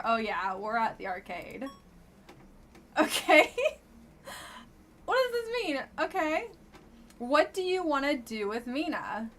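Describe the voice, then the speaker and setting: A woman's voice: on the high side, a bit bright, slight background noise. A woman streamer casually commenting on a dating game she plays live, with a blunt, wry and chatty manner.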